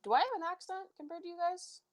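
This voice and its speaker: A woman's voice: very high-pitched, quick pace, no echo. A woman from Ontario with a Canadian accent, chatting animatedly with fellow tabletop players, swearing freely and laughing often. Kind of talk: casual chat between game players.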